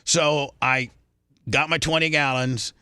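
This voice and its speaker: Brief: man, radio host, bright forceful voice, dry close sound, rambling storyteller. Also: on the high side, steady tone, slow, clear, resonant tone, dry recording. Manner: rambling anecdote with restarts. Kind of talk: casual talk radio storytelling.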